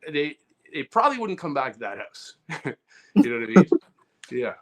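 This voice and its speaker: A man co-hosting a comedy podcast, telling a story in a casual, animated way and acting out loud outbursts. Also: medium pitch, moderate pace. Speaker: podcast co-host.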